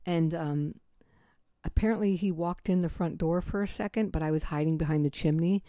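A woman's voice: low-pitched, normal speed, dark tone, no echo. An American woman hosting a podcast, telling a personal story in a candid, casual way and swearing freely. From United States. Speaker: podcast host.

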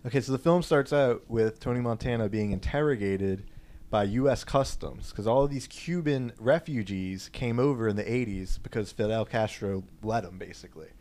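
A man's voice: on the low side, normal speed, darkish tone. A man co-hosting a podcast who retells a film in a casual, rambling way, full of fillers. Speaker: podcast co-host.

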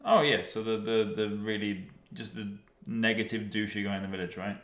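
A man's voice: fairly low pitch, steady tone, moderate pace, a bit bright. A man co-hosting a podcast in casual chat, rambling and swearing with many restarts, a few beers in. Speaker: podcast co-host. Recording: echoey room.

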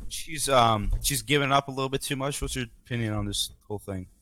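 A man's voice: medium pitch, fast, pushed and bright, slight background noise. A man from Canada, a podcast guest joking dryly in casual chat.

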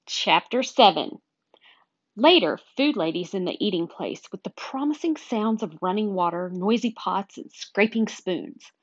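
A woman reading a children's chapter book aloud with expressive, animated storytelling. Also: on the low side, no room sound. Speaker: storybook reader. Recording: dull, dry recording.

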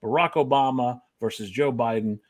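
A man's voice: medium pitch, moderate pace. A man co-hosting a podcast, talking in casual banter with incredulous rants and lots of swearing. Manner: ranting, heavy swearing, incredulous outbursts. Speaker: podcast co-host.

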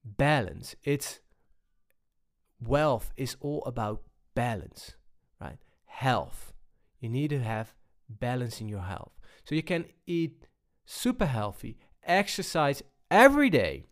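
A man speaks to an audience at a slow, deliberate pace, his voice sitting at a middle pitch. He pauses often, restarts his sentences and speaks in a plain personal tone. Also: very animated. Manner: unhurried, many pauses and restarts. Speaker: speaker on balance.

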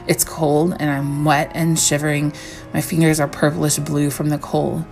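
Low raspy-edged woman reading a creepy first-person story, soft music under it. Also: flat delivery, normal speed. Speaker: story reader.

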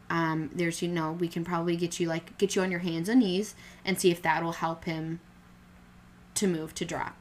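A young woman talks in a relaxed, candid way, her voice sitting a little low for a woman. She rambles, restarting sentences and leaning on fillers as she goes. A faint hiss of noise sits under the recording. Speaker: podcast co-host telling her birth story. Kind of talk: casual chat.

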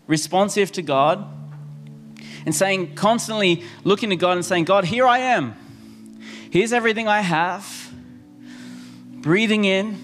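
A male pastor with a high voice preaches to his congregation, earnest and insistent, circling back to the same phrases. Soft music sits under his words. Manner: earnest, repeating key phrases for emphasis. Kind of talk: sermon. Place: church service.

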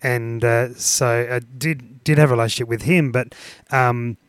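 A man's voice: mid-range voice, fairly even intonation, a little slow, clean tone, dry recording, clean studio sound. A man from Australia with an Australian accent, chatting casually in an easygoing, rambling way with lots of restarts. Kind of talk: casual chat.

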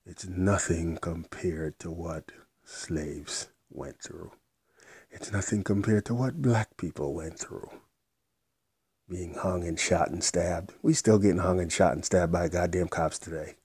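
Man for a rambling motivational vlog, deep husky voice, blunt and profane, very dry close sound. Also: unhurried, darkish tone, no room sound. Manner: blunt, rambling, repeats himself, swears casually. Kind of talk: unscripted motivational monologue.

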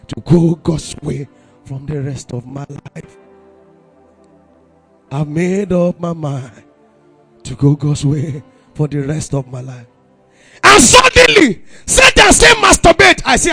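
A man with a Nigerian accent preaching a sermon to young people, impassioned and breaking into shouted exclamations. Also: fairly high pitch, a little slow, gravelly, pauses often, slightly rough, no echo, faint music behind. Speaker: youth preacher.

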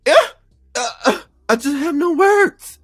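A man co-hosting a podcast, giving emphatic, expressive recap commentary with free cussing. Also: very high-pitched, a little slow, music in the background. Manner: expressive, emphatic, cusses freely. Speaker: podcast co-host. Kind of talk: casual recap chat.

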